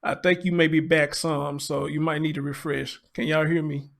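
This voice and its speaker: A man's voice: on the high side, flat delivery, moderate pace, vocal fry. A man hosting a livestream, heartbroken and choked up, struggling to hold back tears as he talks to his viewers. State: tearful, choked up. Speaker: livestream host. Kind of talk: emotional live commentary.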